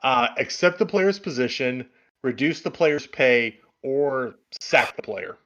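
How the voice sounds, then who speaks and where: A man's voice: mid-range voice, expressive, slow, fairly bright tone. A man co-hosting a casual sports podcast, laughing easily as he reads poll results and steers the talk. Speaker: co-host. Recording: muffled, lo-fi mic.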